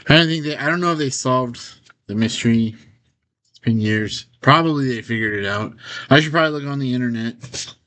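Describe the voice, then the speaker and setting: A man's voice: mid-range voice, a little fast, bright, forceful tone. A man telling a rambling personal story straight to his own camera in a casual vlog, with many fillers and the odd nervous laugh.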